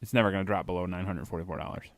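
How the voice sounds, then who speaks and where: A man's voice: sits low, fairly even intonation, very fast, dry recording, studio quality. Profane rambling man podcast co-host. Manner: profane, rambling, self-mocking about his fear of flying. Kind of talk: casual crude banter.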